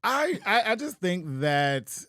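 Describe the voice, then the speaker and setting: A man's voice: high-pitched, very animated, slow, sharp tone, dry recording, studio quality. A man co-hosting a casual chat podcast, playful and teasing. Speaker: podcast co-host.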